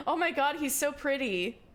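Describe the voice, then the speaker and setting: A high-pitched woman streaming a game live. She reads the text aloud, giggly and excitable, and breaks off to react as she plays.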